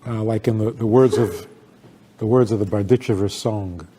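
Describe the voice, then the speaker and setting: A man's voice: on the low side, fairly even intonation, normal speed, warm tone, slight background noise. An older man, a rabbi, giving an informal talk to an audience, telling stories, asking rhetorical questions and laughing often.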